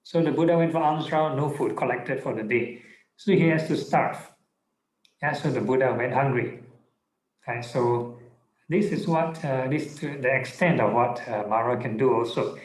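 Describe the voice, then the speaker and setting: A man, a monk, giving a relaxed Buddhist Dhamma talk online, with many fillers and checking in with "yeah?". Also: mid-range voice, normal speed, reverberant, low-quality recording. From Singapore. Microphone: online video call.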